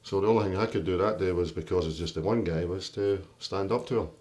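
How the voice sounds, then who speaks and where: A man's voice: sits low, fast, darkish tone. A man, interviewed in a documentary, telling his own story in a candid, plain-spoken way. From Britain. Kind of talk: personal storytelling.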